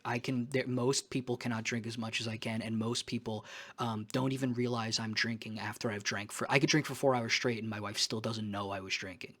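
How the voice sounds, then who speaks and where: A man's voice: mid-range voice, a bit bright. A man talking candidly in a casual personal vlog, rambling and emphatic, with casual swearing. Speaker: vlogger.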